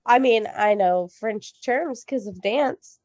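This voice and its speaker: A woman co-hosting a casual history podcast, giggly and playful, chiming in with quick interjections. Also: on the high side, darkish tone. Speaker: podcast co-host. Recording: dull lo-fi podcast audio.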